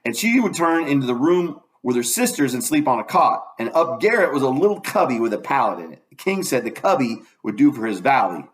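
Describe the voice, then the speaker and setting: A man narrates a novel aloud in a folksy, conversational manner. His voice sits at an ordinary middle pitch. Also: very animated, a little fast, hardly any pauses, low-quality recording. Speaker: audiobook reader.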